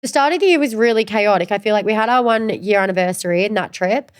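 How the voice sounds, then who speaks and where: A woman's voice: mid-range voice, quick pace, clear, resonant tone. A young woman from Tasmania co-hosting a casual podcast, chatty and laughing often with casual swearing. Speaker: podcast co-host. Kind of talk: casual chat.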